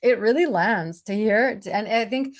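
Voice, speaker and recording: A woman's voice: fairly high pitch, normal speed. Enthusiastic woman interview host. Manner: enthusiastic, affirming, laughs often. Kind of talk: casual interview conversation.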